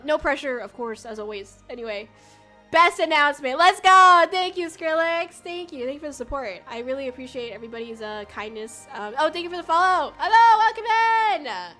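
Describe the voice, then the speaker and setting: A young woman streaming live, rambling through casual chat with plenty of fillers and curse words. Her voice sits a little high and sounds bright and forward. Faint music plays underneath. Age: young adult. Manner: rambling and chatty, lots of fillers and swearing. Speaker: VTuber streamer. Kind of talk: casual livestream chat with viewers.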